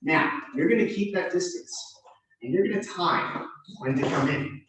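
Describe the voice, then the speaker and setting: A man teaching a self-defense drill, giving calm, reassuring, repeated cues to a student. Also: sits high, normal speed, background noise. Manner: reassuring, repetitive coaching cues. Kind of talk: coaching a drill. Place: martial arts gym. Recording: very echoey room, from far off.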